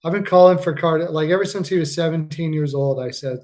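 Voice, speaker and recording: A man's voice: on the high side, fast talker, a little mellow. A man hosting a live stream, reacting casually to a hockey game. He jokes, laughs a lot and swears freely.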